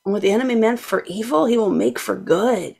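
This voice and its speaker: A woman's voice: a little high, a little fast, creaky, a little mellow, breathy edge. A woman guest on a talk show, speaking in a heartfelt, effusive way about her faith. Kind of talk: emotional testimony.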